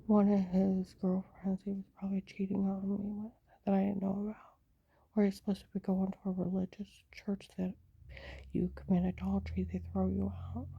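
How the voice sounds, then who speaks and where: A woman rambling through a personal story in a monologue, often dropping into a hushed whisper. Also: mid-range voice, monotone, moderate pace, gravelly, breathy edge, no echo, highs cut off. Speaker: storyteller recounting her own life.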